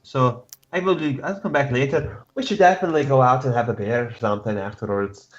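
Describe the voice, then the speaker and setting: A man's voice: mid-range voice, brisk, lightly acted. A man voicing a friendly, boisterous male knight with a put-on accent and old-fashioned words, in a tabletop game. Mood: hearty. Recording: roomy, slightly dull mic.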